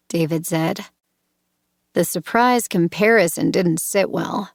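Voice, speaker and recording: A woman narrating a first-person audiobook in a measured, tense storytelling manner. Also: on the low side, vocal fry, dry recording, clean studio sound.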